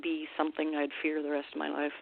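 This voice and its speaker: A woman from Vancouver Island, a guest on a radio show, telling a frightening encounter in an emotional, halting way with many restarts. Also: low-pitched, completely flat delivery, creaky, slight background noise. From Canada, Vancouver Island. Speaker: guest, Sasquatch researcher. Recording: dry, phone-like radio call line.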